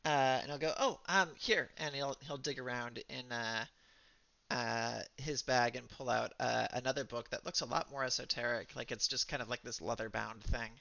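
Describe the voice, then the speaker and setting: Man, game master, rambling narration, gravelly bright voice, dull dry home mic. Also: mid-range voice, fairly even intonation, moderate pace, dry recording. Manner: rambling, lots of fillers.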